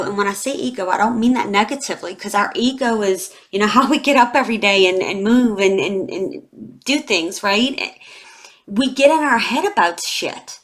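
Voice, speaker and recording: A woman's voice: mid-range voice, normal speed. Woman, forties, tarot reader; candid and emotional, talks straight to her viewers with many fillers. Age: 40s. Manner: heartfelt, confiding, with many fillers. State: emotional, near tears. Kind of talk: emotional tarot reading vlog.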